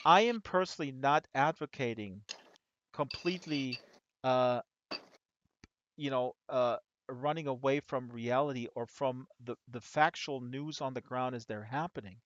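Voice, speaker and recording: A man hosting a casual chat, telling rambling, animated stories with many restarts. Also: medium pitch, a little slow, dry recording. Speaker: host. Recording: dull lo-fi dry audio.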